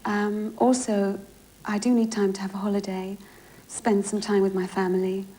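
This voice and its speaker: A woman's voice: mid-range voice, little pitch movement, moderate pace, dark tone. Chatty East End woman on a chat show. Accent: London East End. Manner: chatty, laughs often, switches between accents. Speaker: guest.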